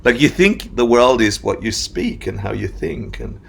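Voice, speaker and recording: Gravelly-voiced man, Australian-Argentine accent. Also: medium pitch, moderate pace. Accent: Australian-Argentine mix. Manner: animated storyteller, laughs often. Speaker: meditation teacher, guest. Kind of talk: casual interview talk.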